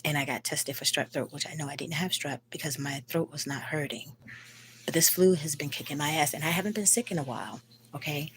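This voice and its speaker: Low-voiced woman, sick with flu, blunt, profane, rambling phone live stream from home. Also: steady tone, fairly quick, slight background noise. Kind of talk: casual live stream venting. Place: at home at night.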